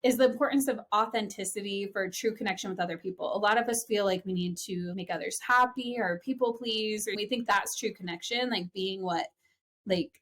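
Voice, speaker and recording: A podcast host interviews a guest with enthusiasm and affirmation, posing long, rambling questions. She has a medium-pitched, fairly bright voice and a brisk pace.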